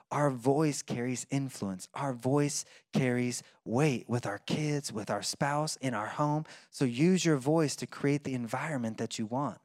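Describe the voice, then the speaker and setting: A man's voice: mid-range voice, a little mellow, no room sound, studio quality. A man preaching a sermon in a conversational way, with fillers and restarts. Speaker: pastor.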